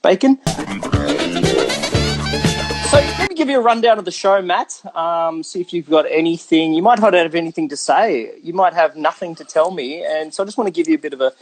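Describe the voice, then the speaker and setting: A man's voice: on the high side, animated, brisk, faint music behind. Joking man hosting a live video chat. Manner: jokey, playful, rambling. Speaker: host. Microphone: video call.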